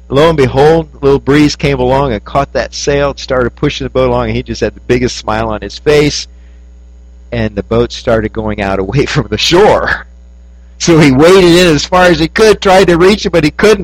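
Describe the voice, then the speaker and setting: A man with a fairly high voice preaches a sermon and tells his story in rises and hushed drops. The sound is dry and close, with a faint electrical hum behind him. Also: dry recording, low-quality recording.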